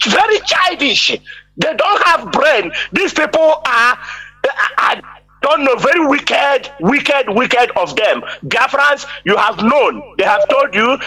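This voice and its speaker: A man's voice: very high-pitched, lively intonation, a little slow, pushed and bright. A man calling in to a live broadcast, speaking in an impassioned, denouncing way. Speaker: caller. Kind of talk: phone-in call to a live broadcast.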